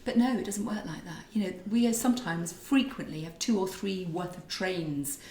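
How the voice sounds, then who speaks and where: A middle-aged woman co-hosting a casual podcast chat, telling stories in an animated way. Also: fairly low pitch, moderate pace. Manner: chatty, animated storyteller. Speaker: podcast co-host. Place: kitchen. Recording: echoey kitchen room.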